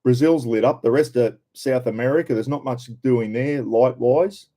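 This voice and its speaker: A man's voice: medium pitch, normal speed, dark tone. An older Australian man hosting a casual live stream, chatting and greeting viewers by name.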